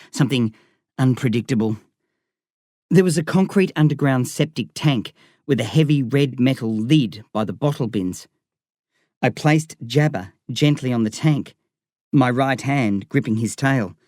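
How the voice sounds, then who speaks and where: A man narrates a novel in a measured, vivid reading voice of middling pitch. The recording is close-miked and dry, with no room sound. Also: a little mellow, no room sound. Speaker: audiobook reader. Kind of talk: scripted narration.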